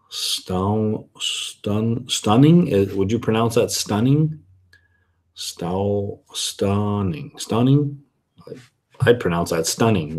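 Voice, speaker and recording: Unhurried man with a lowish voice, casual whisky vlogger who rambles and corrects himself. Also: darkish tone. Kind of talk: casual chat reading viewer comments.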